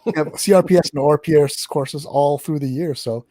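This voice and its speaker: Fast-talking man chatting casually. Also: on the high side, warm tone, no room sound. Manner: fast, repeats words while restarting sentences. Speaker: guest, marksmanship instructor. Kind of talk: casual podcast chat.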